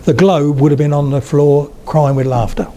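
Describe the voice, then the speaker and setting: An older lecturer on spoken English speaks to a live audience of about eighty in a public talk, telling anecdotes chattily and checking in with his listeners. His voice is on the high side, steady, mellow, and at normal speed, with a little hiss or hum.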